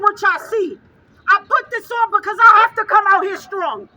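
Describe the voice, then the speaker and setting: A grieving mother speaking at an outdoor rally, fervent and repetitive, often rising to a shout. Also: very high-pitched, normal speed, lo-fi sound. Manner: fervent, raises voice to a shout, repeats phrases. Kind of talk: impassioned protest speech.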